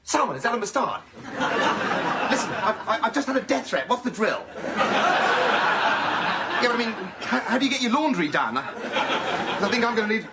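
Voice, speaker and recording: Casting: a smug, scheming male politician, high, swooping voice, sarcastic with sudden yells; noisy TV soundtrack. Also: sing-song, unhurried, pauses often, full character voice. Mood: amused. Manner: sarcastic, bursts into shouting. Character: scheming arrogant male politician, quick-tongued. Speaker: member of parliament.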